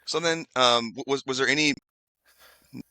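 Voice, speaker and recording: A man's voice: mid-range voice, normal speed, sharp tone, dry recording, poor audio. A man hosting a casual interview, asking questions with stammering restarts and giving short encouraging replies. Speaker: podcast host, interviewer.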